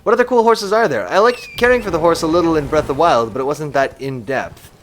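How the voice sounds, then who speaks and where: A man's voice: fairly high pitch, expressive, fast talker, slight background noise. A man casually musing aloud while streaming a game live and reading chat comments.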